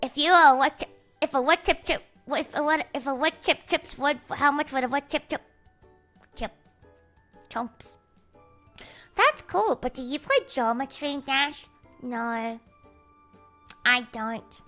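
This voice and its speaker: Bright high-voiced woman streamer. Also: unhurried, pauses often, soft background music. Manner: rambling, swears freely, playful and animated. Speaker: livestreamer. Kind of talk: casual livestream chat with viewers.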